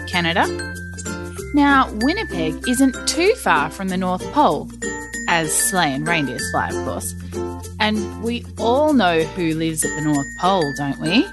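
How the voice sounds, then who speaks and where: A woman reading a children's story aloud in a lively, animated storytelling manner. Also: lowish voice. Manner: lively, animated, slow-paced narration.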